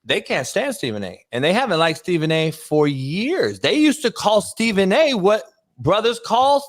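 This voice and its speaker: A man's voice: sits high, sing-song, normal speed. A man hosting a sports talk show, bantering loosely with slang and profanity. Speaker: show host and coach.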